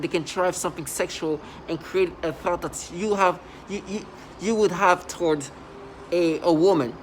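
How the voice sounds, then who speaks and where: A man talking in a rambling vlog monologue, halting and restarting, with sudden loud agitated outbursts. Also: high-pitched, slight background noise, rough recording. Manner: halting, many restarts and fillers. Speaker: vlogger.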